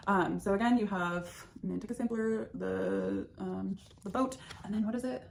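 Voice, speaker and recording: A young woman talks her viewers through a stitching haul in a loose, chatty way, stopping often to think aloud. Her pitch is middling, and a faint noise sits under the recording. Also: normal speed, creaky. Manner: chatty, rambling, thinks aloud with many ums. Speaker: flosstube host. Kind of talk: casual chat showing stitching haul.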